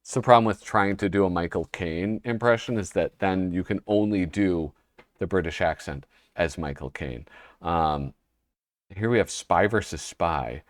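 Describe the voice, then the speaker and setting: A man's voice: deep voice, moderate pace, dry recording. A man hosting a casual show, flipping through an old humor magazine and reading the panels aloud with a wry, rambling manner. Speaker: host.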